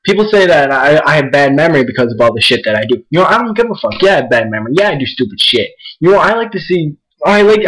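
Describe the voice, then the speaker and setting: A man's voice: a little high, noisy background. A young man ranting angrily into his camera, profane and repetitive. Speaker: vlogger. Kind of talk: angry rant to camera.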